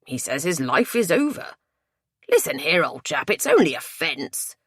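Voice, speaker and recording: A woman's voice: low-pitched, big pitch swings, measured pace, a bit bright, breathy edge, no echo, clean studio sound, exaggerated voice. A woman doing a bluff, hearty Englishman.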